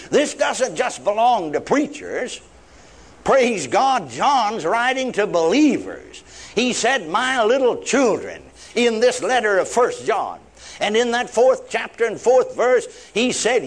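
Older man preaching with high voice. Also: sing-song. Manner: repetitive emphatic preaching with frequent praise interjections; drawn-out stressed words, folksy phrasing. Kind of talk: sermon.

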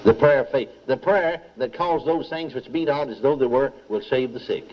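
A man's voice: medium pitch, moderate pace, dull audio, slight background noise. An older man preaching a sermon, telling a story with acted-out dialogue and calling on the congregation for amens. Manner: animated storytelling, repeats dialogue, asks audience for amens.

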